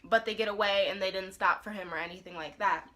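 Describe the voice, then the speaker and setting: Woman vlogger recapping a show, super bright voice, chatty and animated. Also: mid-range voice, quick pace. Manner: animated storytelling that acts out characters' lines. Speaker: TV review vlogger. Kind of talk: casual recap and review.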